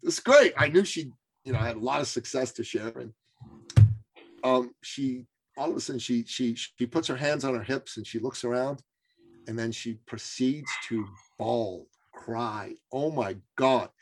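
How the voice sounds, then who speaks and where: A man, a coaching guest on a podcast, telling a story casually with animated delivery and frequent restarts. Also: medium pitch, unhurried.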